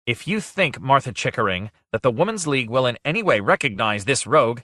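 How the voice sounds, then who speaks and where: A furious, grating league president bursts out in a high, shrill voice, voiced by a man reading a storybook. Her scolding swings up and down and cuts through sharply. The recording is dry and close. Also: very animated, fairly quick, pushed and bright, no echo. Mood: indignant.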